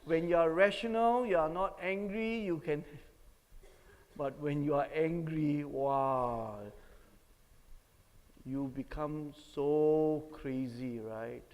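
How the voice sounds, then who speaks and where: A man's voice: a little high, slow, a little mellow, big-room sound, poor audio. A man with a Singaporean English accent, preaching a sermon and telling stories while asking the audience questions. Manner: storytelling, asks the audience questions.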